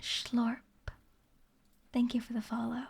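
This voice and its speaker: A woman streamer chatting in a soft, half-whispered ASMR voice, giggling often and sounding sleepy. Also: on the high side, monotone, slow pace, creaky, breathy edge. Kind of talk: soft-spoken ASMR chat. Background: rain ambience.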